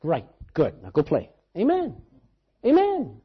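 An emphatic male preacher whose voice leaps and drops constantly as he drives his points home. He tells stories and lurches from loud outbursts to hushed asides. The sound is husky and comes through a dull, muffled recording. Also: high voice, wildly swooping pitch, slow. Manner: emphatic, storytelling, swings between loud and hushed. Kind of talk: sermon.

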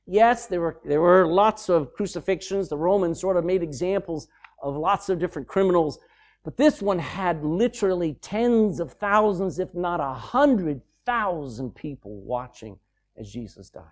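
Lively conversational preacher. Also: mid-range voice. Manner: conversational, explanatory, with folksy asides. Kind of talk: sermon with scripture reading.

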